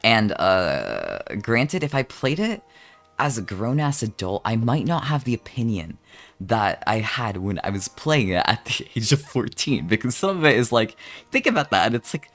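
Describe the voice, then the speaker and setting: Casual male streamer, swings his pitch a lot, swears freely, middle-pitched voice. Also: very animated, normal speed, a bit bright, faint music behind. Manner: rambling, profane, jokey and exaggerated. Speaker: vtuber streamer. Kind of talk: casual live-stream chat.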